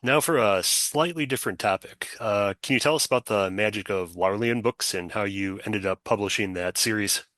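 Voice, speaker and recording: A man's voice: lowish voice, moderate pace, few pauses, a bit bright, no echo. A man hosting a podcast interview, asking short, plain-spoken questions. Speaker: podcast host.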